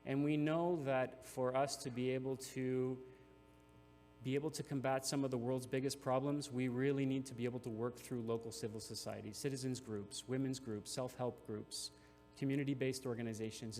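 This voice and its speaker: A man's voice: medium pitch, steady tone, a little fast, darkish tone, soft background music. Earnest man speaking in a reverberant hall. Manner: earnest, emotional, many restarts. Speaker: nonprofit CEO speaker. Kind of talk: conference speech. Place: large hall. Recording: reverberant hall with faint hum.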